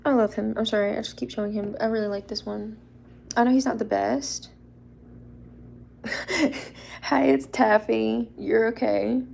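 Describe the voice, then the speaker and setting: A woman's voice: mid-range voice, flat delivery, fairly quick, creaky, a little mellow, a little hiss or hum. A young woman, chatting casually and a little shyly on a livestream, laughing often as she shows handmade toy figures. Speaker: livestream host showing custom toy figures.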